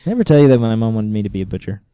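A man's voice: lowish voice, very animated, very fast, a crowd in the background. A man doing a chatty young lawyer buddy. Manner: rambling, self-answering. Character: chatty young male lawyer best friend.

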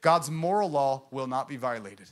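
A middle-aged man preaching a sermon, impassioned, moving between loud proclamation and hushed intensity, often asking the congregation questions. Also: medium pitch, expressive, moderate pace. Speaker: pastor.

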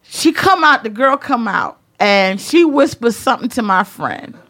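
A woman telling a comedic story in a profane, emphatic way, acting out her own yelling. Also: a little high, very animated, a little slow. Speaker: storyteller on a talk show.

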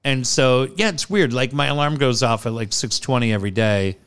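A man's voice: medium pitch, brisk, a bit bright, clear, resonant tone. A middle-aged man with a rambling, easygoing way of talking, chatting as a guest. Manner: rambling, laughs easily. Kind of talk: casual chat.

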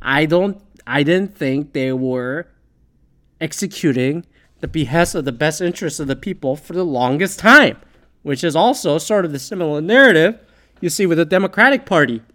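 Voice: medium pitch, expressive, moderate pace, a bit bright. A Canadian speaker ranting about politics, swearing constantly, rambling and sarcastic. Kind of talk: profane political rant.

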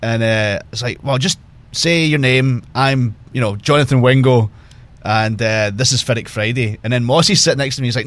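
A man's voice: mid-range voice, normal speed, fairly bright tone. A man telling casual stories as a guest on a podcast, often laughing as he talks. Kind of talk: casual storytelling.

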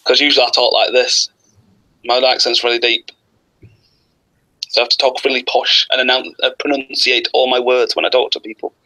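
A man's voice: mid-range voice, level tone, a little fast, pauses often, bright, forceful tone, low-quality recording. A man joking around as a guest on a casual podcast. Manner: joking, playful.

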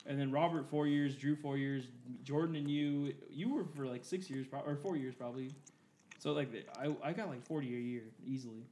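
Young man, casual podcast chat, a little high, animated, profane storyteller. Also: brisk, slight background noise. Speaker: podcast co-host.

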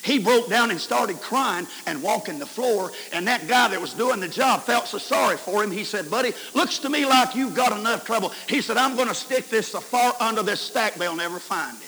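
A man preaches at a camp meeting, his high, bright voice ringing through a large hall with a long reverb. He moves from folksy stories to sudden shouts and hushed whispers. The old recording carries a faint hiss. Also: expressive, moderate pace, few pauses.

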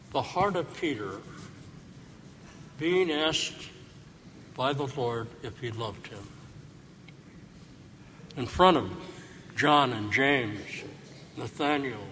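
Slow-preaching priest in a reverberant church. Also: male voice, medium pitch, fairly bright tone, slight background noise. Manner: slow, reflective preaching with rhetorical questions. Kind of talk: sermon. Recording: church hall reverb, faint ambience.

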